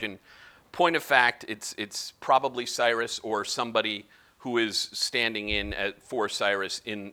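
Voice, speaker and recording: With a voice on the low side, a man gives a casual, animated Bible teaching, frequently slipping into the quoted voices of the characters.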